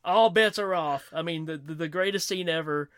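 A man chatting casually as a podcast co-host, animated and laughing, acting out quotes from films. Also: fairly high pitch, normal speed, clear, resonant tone, no echo, clean studio sound. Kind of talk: casual chat about comedy films.

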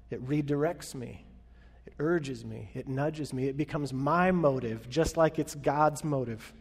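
A man preaching a sermon as pastor, talking conversationally and asking the room questions, swelling and dropping his loudness for emphasis. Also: fairly high pitch. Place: large hall with an audience. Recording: long hall reverb.

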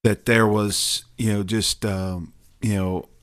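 Low-voiced hesitant man. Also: flat delivery, slow pace. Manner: hesitant, many fillers. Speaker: podcast co-host. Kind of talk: casual Bible discussion.

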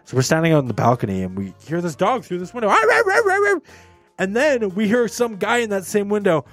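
A man hosting a podcast, telling stories in casual chat with an animated, swearing manner. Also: sits high, fast talker, faint music behind. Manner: animated, swearing, laughing, acting out quotes. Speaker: podcast host.

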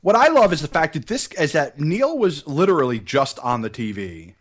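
A man's voice: on the high side, sing-song, moderate pace. A young man co-hosting a casual movie review podcast, enthusiastic and giggly, swearing freely. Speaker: podcast co-host.

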